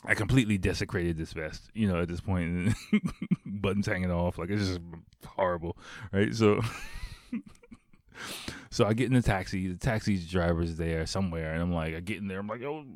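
A man's voice: low voice, fairly even intonation, normal speed, dry recording, clean studio sound. A man hosting a podcast, casually telling a rambling, profane story and laughing often. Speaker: podcast host.

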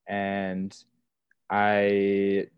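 A man's voice: lowish voice, completely flat delivery, very slow, smooth, dry recording, lo-fi sound. A young man telling stories from his work as a wilderness therapy guide in casual, earnest podcast talk, full of "like" and "you know". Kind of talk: casual conversational storytelling.

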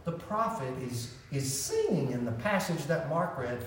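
A middle-aged man preaching a sermon as pastor, talking in an animated, conversational way and asking the congregation questions. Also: fairly high pitch, a little slow, a little hiss or hum. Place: church sanctuary. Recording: roomy echo from a distance.

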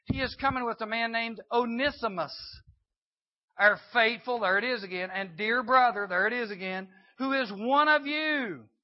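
Man, youth sermon, storytelling, high-pitched, muffled recording. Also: normal speed. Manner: storytelling, acts out Bible characters in dialogue. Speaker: youth speaker. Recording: dull lo-fi recording.

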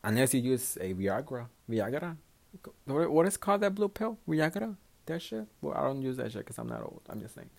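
Young man, casual solo podcast, profane, self-mocking, very animated pitch. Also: a little fast, gravelly. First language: Spanish. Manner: profane, rambling, self-mocking, laughs a lot. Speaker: podcast host.

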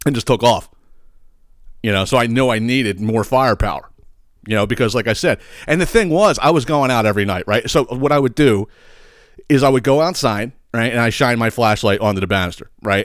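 Rambling, profane podcast host. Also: male voice, medium pitch, fairly bright tone, no room sound, studio quality. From Philadelphia area. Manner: rambling, profane storytelling with frequent fillers and sidebars. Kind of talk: casual comedic monologue.

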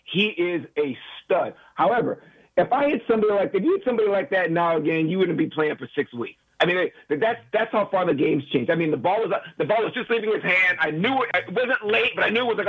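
A former football player phones in to a sports radio show. He talks fast and a little high, tripping over repeated words before rushing into a story. The muffled line dulls his voice. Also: lively intonation, slightly rough.

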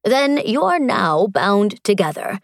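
A woman voicing a frightened male magistrate in an audiobook, halting and nervous. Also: medium pitch, very animated, no room sound, clean studio sound. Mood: hesitant. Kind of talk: audiobook character voice.

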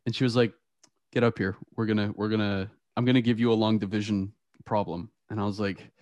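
A man's voice: lowish voice, quick pace, no room sound. A young man hosting a podcast, chatting casually and telling stories with frequent laughter. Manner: animated storytelling, laughs often. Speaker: podcast host. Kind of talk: casual chat.

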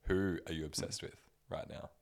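Male podcast host, deep voice, easygoing and teasing, casual chat. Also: steady tone, normal speed, a little mellow, slight background noise.

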